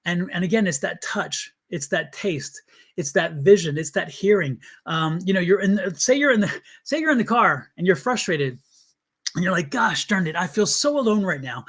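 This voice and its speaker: Guy with a fairly high voice doing a live tarot stream, blunt and chatty, talks straight to viewers. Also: animated, normal speed, a bit bright, breathy edge. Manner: earnest, blunt and chatty, addressing viewers directly. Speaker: tarot reader and livestream host.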